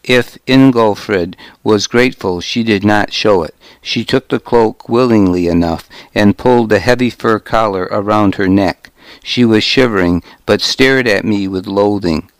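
A man reads a first-person novel in a measured, even way. His voice is low and unhurried, and the recording is close and completely dry. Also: no room sound. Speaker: audiobook narrator.

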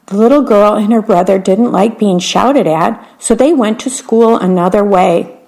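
Gravelly-voiced woman reading picture books aloud. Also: medium pitch, low-quality recording. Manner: gentle, unhurried, describes the pictures. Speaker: storyteller.

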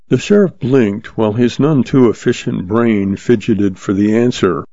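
A man narrating a western novel as an audiobook, in a steady, unhurried reading. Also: on the low side, no room sound, lo-fi sound.

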